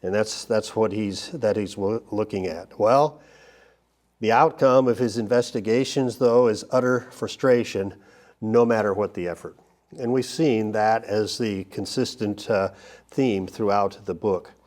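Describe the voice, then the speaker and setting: A man's voice: on the low side, a little mellow. A man teaching a Bible study lesson, talking it through loosely with frequent restarts and fillers. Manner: halting, many restarts and fillers.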